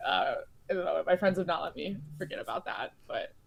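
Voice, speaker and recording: Her voice low and gravelly, a woman from Chicago, USA, speaks very animatedly and fairly quickly as a guest in a casual board-game chat. She tells long rambling stories with plenty of fillers and restarts.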